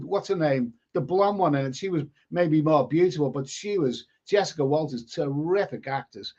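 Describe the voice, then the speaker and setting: A man's voice: fairly high pitch, darkish tone. A man hosting a live stream, chatting casually and reading out viewer comments, often stumbling and repeating words. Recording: lo-fi stream audio.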